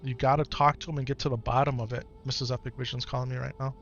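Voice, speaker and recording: A man streaming live who talks softly and coaxingly with his young son, then reads and answers his chat in casual talk. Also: medium pitch, flat delivery, rapid-fire, gravelly, dull audio. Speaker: streamer and father. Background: game music.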